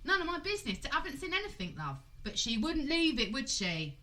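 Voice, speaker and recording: Woman, 30s, podcast cohost, swears loads, voice jumps all over, bit high. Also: a little fast, low-quality recording. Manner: animated storyteller, swears freely, laughs a lot. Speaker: podcast co-host. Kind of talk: casual chat.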